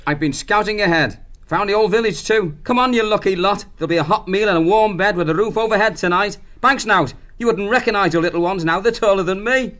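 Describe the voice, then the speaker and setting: A man's voice: high-pitched, a bit bright, pitched above the performer's own voice. Man doing a bluff shrew chieftain. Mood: hearty. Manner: bluff, hearty, brisk. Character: hearty male shrew chieftain scout. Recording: dull lo-fi audio.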